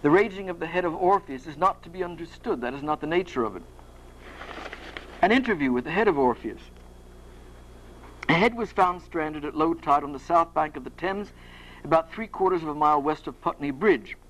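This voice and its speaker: A man's voice: a little high, lively intonation, brisk, a bit bright, a little hiss or hum, poor audio. A man reading his own fiction aloud at a university, with a dry, wry delivery. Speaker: author giving a reading. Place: university lecture hall.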